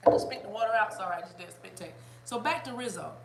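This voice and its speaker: A chatty, animated woman from South Carolina, giving a casual spiritual reading to her viewers. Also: medium pitch, racing, gravelly, reverberant, slight background noise. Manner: animated, chatty, bursts into laughter and song. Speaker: spiritual reader.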